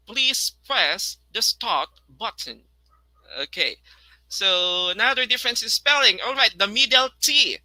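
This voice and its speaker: A Filipino man teaching an online lesson in a high, very bright voice. He repeats words slowly so learners can copy the sounds and slips into Tagalog asides. The sound is dry and close. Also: lively intonation, no room sound, low-quality recording. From Philippines. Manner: mixes English with Tagalog, repeats words slowly to model pronunciation.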